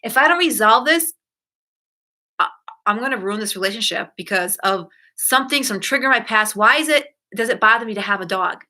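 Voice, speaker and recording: A woman's voice: medium pitch, quick pace, bright, forceful tone. A middle-aged woman hosting a self-help talk, chatting in a rambling, self-correcting way and acting out quoted lines in a shifted voice. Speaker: self-help podcast host. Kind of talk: casual solo talk.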